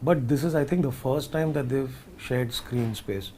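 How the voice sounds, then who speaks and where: Rambling Indian man, mellow low-key voice. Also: measured pace, a little hiss or hum. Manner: thoughtful, rambling with many restarts and asides. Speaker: film director. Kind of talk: casual interview talk.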